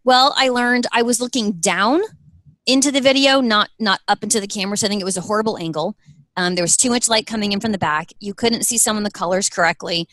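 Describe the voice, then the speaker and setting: A woman in her thirties, a business owner being interviewed, telling earnest, animated stories full of quoted dialogue. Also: mid-range voice, quick pace, dry recording, rough recording. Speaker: guest, apparel business owner. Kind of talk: interview conversation.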